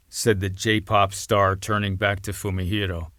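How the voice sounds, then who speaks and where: Low-voiced man narrating a novel. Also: flat delivery, unhurried, hardly any pauses, a bit bright, dry recording, clean studio sound. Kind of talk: audiobook narration.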